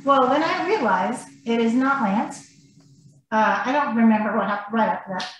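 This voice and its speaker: Animated storytelling woman, echoey room. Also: on the high side, normal speed, a little hiss or hum. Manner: animated, acts out what people said. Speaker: interview guest. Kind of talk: personal storytelling.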